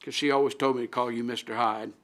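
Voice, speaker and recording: A middle-aged man, a city alderman, giving an emotional tribute at a council meeting, speaking haltingly with many restarts and pauses into a desk microphone. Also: mid-range voice, steady tone, a bit bright.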